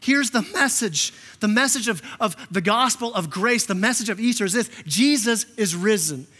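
A man preaching a sermon as pastor, impassioned, often repeating words and acting out quotes in a softer voice. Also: high voice, expressive, normal speed. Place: church sanctuary. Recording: long reverb of a church hall.

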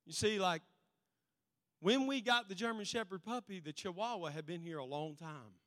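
Bright-voiced male preacher in a reverberant hall. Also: high-pitched, moderate pace. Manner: animated storytelling, swings between loud and quiet. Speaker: pastor. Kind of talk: sermon. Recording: long reverb in a large hall.

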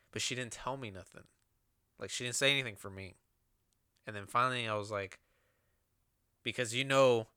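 A man's voice: fairly low pitch, bright, forceful tone, smooth, no room sound, clean studio sound. A man telling a personal story in a rambling, casual way, with lots of swearing and fillers.

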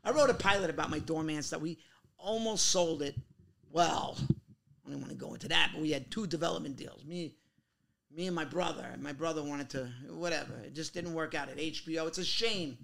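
A middle-aged man from Queens, telling animated stories in a casual interview and acting out other people's voices. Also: fairly high pitch, brisk, vocal fry. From Queens, New York. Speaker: guest actor.

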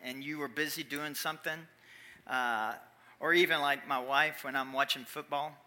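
A man preaching a sermon in church, animated, swinging from quiet asides to loud emphatic calls. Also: on the high side, normal speed. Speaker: pastor.

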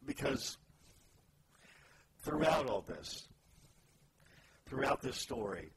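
A man reading scripture aloud and then reflecting in halting, searching phrases during a casual faith discussion. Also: medium pitch, big pitch swings, slightly rough. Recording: noisy background ambience.

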